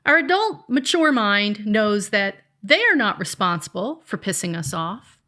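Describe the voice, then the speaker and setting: A woman's voice: medium pitch, sing-song, unhurried, pushed and bright. A middle-aged mother co-hosting a podcast, giving emphatic life advice in a lecturing tone. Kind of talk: casual podcast chat.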